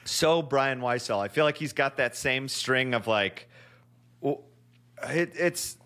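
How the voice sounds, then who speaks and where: A man chats loosely on a podcast about cartoons. He rambles through anecdotes, swears freely and laughs as he goes. His voice sits at an ordinary middle pitch. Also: expressive, slow, a bit bright. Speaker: podcast co-host. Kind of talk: casual chat.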